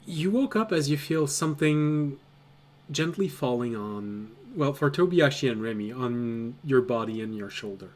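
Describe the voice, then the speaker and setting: Male game master, unhurried, easygoing, laughs a lot. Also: medium pitch. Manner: laughs often, chatty and relaxed. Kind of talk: narrating a tabletop game.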